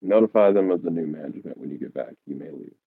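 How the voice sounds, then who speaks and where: A man's voice: a bass voice, lively intonation, fast talker, vocal fry, slightly rough, no echo. A man playing a character in a tabletop game, speaking in a dry, commanding way. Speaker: player. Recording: tinny phone-like line.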